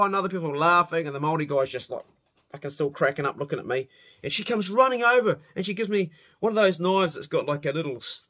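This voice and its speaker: A man's voice: on the high side, a bit bright. A middle-aged man telling a rowdy personal story in a casual spoken way, swearing freely and laughing at himself.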